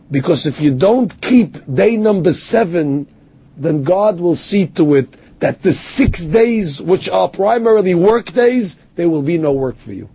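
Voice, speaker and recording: Giving a Torah class, a rabbi recounts stories, quotes Hebrew verses with explanations, and answers a heckler with self-deprecating humor. He speaks unhurriedly and expressively in a fairly high voice that has a dark tone and a breathy edge.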